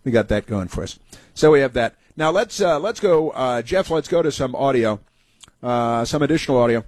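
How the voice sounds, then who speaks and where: A man's voice: mid-range voice, expressive, moderate pace, a little mellow, no echo. A man hosting a talk show, delivering a sarcastic, indignant monologue with mocking asides. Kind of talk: opinionated talk radio monologue.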